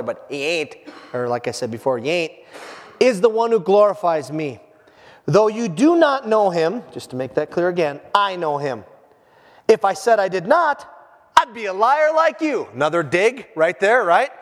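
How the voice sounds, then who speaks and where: A man's voice: high-pitched, normal speed. A pastor preaching a sermon in a church, acting out the voices in the passage he reads. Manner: animated, acts out the quoted voices. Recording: hall reverb.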